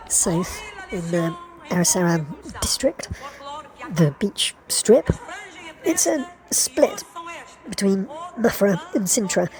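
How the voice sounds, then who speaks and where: A woman's voice: on the low side, mellow. A woman casually narrating a travel vlog about surf spots, chatty and laughing now and then.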